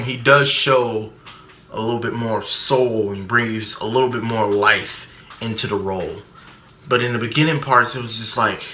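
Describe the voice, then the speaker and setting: Sarcastic guy doing a funny movie rant, super bright voice, echoey room. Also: mid-range voice, slight background noise. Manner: sarcastic, mimics people, shrieks a running punchline. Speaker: comedian reviewing a movie. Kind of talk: comedic movie review rant.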